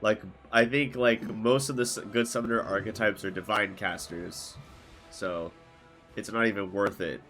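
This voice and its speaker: A man's voice: on the low side, fairly even intonation, moderate pace, sharp tone, faint music behind. A man guesting on a gaming podcast, talking casually and leaning heavily on "like". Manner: casual, heavy use of "like".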